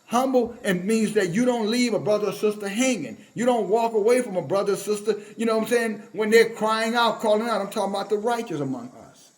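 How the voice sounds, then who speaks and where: High-pitched male preacher, confrontational and emphatic, scolding sermon with scripture readings. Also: brisk, hardly any pauses.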